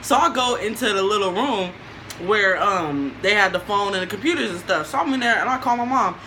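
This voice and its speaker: Animated young woman telling a story. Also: mid-range voice, fairly quick, a little hiss or hum, poor audio. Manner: animated, slangy, laughing storyteller. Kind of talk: casual storytelling vlog.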